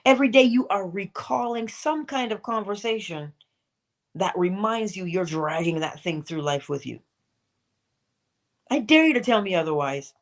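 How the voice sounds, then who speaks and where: A woman's voice: mid-range voice, lively intonation, normal speed. A middle-aged woman hosting a morning inspirational livestream, asking pointed questions and throwing in playful asides to herself. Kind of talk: motivational talk.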